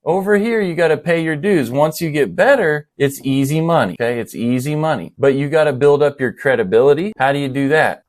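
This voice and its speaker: A man giving a casual, punchy coaching presentation to viewers. He repeats points for emphasis, fires off rhetorical questions and uses slang and fillers. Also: a little high. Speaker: online business coach.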